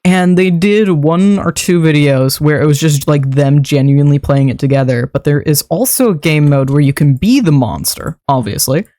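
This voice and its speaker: A young adult streamer chats casually on a livestream while building in a game, rambling loosely, laughing often and swearing casually. The voice has a middling pitch and a dark tone, at a moderate pace with few pauses. A close desk mic gives a dry sound with no room echo.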